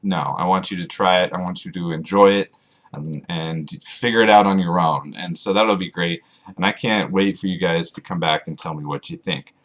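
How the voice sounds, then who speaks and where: Deep-voiced man rambling to camera. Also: moderate pace. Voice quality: monotone. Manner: self-mocking, rambling, jokey asides. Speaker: author vlogger. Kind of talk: rambling casual vlog to camera.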